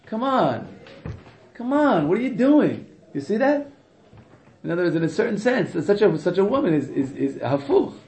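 A man teaching a class in an animated, rhetorical way, often asking "right?" and laughing, recorded in an echoey room with dull, lo-fi sound. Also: high-pitched, gravelly. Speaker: religious teacher. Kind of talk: informal classroom lecture.

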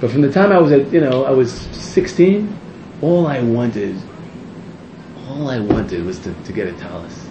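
A man, a rabbi, giving an animated, rambling sermon to a live audience, interrupting himself and rising to near-shouts. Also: medium pitch, moderate pace, noisy background. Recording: echoey room, muffled sound.

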